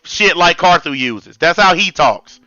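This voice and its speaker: A man's voice: a little high, expressive, unhurried, bright, forceful tone, no room sound, highs cut off. A man in his forties with a Southern US accent, hosting a live-stream debate and ranting bluntly with heavy profanity. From American South. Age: 40s. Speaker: channel host.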